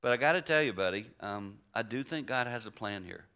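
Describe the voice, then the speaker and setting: A man in his sixties preaching a story-driven sermon in a conversational way, moving between hushed and emphatic. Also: fairly low pitch, expressive, a little fast, clear, resonant tone. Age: 60s.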